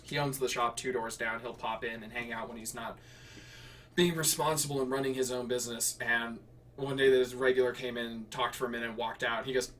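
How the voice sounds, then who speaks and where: A man's voice: medium pitch, fairly bright tone, recorded from a distance, a little hiss or hum. A man streaming himself writing and reading flash fiction in a casual way, laughing and correcting himself with rambling asides.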